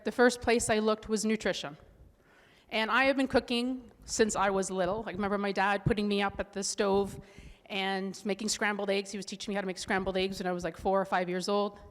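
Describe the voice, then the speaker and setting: A middle-aged woman who works as a holistic nutrition coach gives a presentation talk, telling a candid, earnest personal story with frequent restarts. Her medium-pitched voice runs a little fast with fairly even intonation, and a long hall reverb colors the recording.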